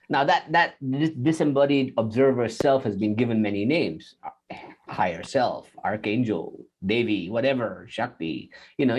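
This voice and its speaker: A man answering questions in a spiritual interview on a video call, animated and laughing often, acting out inner voices. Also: mid-range voice, breathy edge. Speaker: guest teacher.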